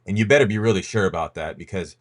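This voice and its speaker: A man's voice: low voice, fast. A man hosting a casual podcast, talking loosely with lots of ums and restarts as he leads a rankings reveal.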